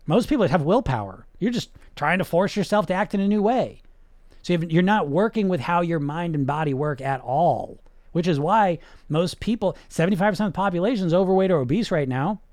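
Guy hypnotist doing a motivational podcast rant, slightly high voice that swings all over, dry close sound. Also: darkish tone, dry recording. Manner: emphatic, blunt, peppered with rhetorical questions and mild swearing.

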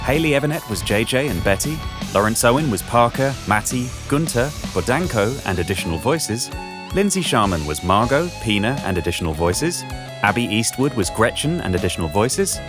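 A man reading the podcast credits in a measured, plain way. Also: mid-range voice, big pitch swings, music in the background. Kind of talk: read credits.

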